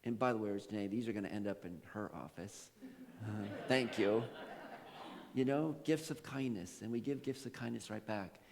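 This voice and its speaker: A man's voice: on the low side, normal speed, gravelly, a little mellow, big-room sound. A male pastor preaching a sermon, telling a story with laughs and quoted voices. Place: church sanctuary.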